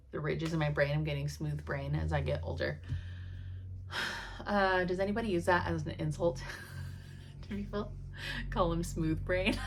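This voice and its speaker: A woman's voice: lowish voice, slight background noise. A woman in her thirties chatting casually to her viewers as a cross-stitch vlogger, laughing often as she tells stories. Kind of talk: casual chat.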